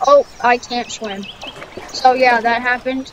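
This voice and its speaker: A woman improvising a story over gameplay in a rambling, distracted way, full of fillers, with loud noise behind her. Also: a little high, fairly even intonation, measured pace.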